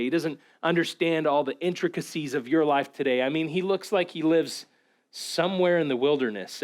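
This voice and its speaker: A pastor giving a relaxed, conversational sermon, talking casually with lots of fillers and repeated words. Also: male voice, medium pitch. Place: church.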